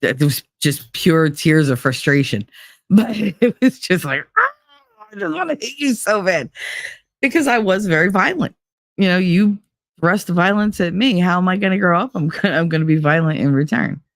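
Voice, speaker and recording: A woman's voice: lowish voice, expressive, normal speed, no room sound, clean studio sound. A middle-aged woman hosting a casual podcast, talking bluntly with wry self-mocking humor and plenty of swearing. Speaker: podcast host. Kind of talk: casual personal chat.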